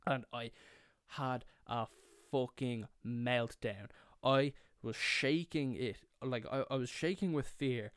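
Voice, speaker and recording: A man's voice: mid-range voice, slow, hardly any pauses, clear, resonant tone, dry recording, clean studio sound. A young man with an Irish accent telling a comic story, swearing a lot and acting out the people in it. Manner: swears a lot, acts out his younger self and friends.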